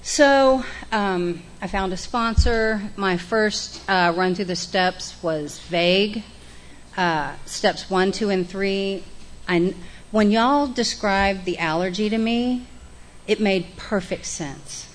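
A woman's voice: mid-range voice, slow pace, a little hiss or hum. A middle-aged woman, candidly sharing her recovery story in a frank, profane, self-mocking way. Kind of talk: candid personal testimony.

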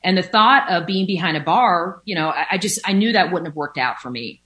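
A woman's voice: lowish voice, expressive, fairly quick, fairly bright tone, muffled recording. A woman speaking candidly about her recovery from addiction, at home by a window, with many fillers and an occasional swear word. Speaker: recovering alcoholic sharing her story. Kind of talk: personal recovery testimony.

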